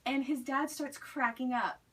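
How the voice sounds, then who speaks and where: High-voiced chatty young woman storyteller. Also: steady tone, measured pace, husky. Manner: chatty, many "like" fillers. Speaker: student speaker. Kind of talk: storytelling speech. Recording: recorded from a distance.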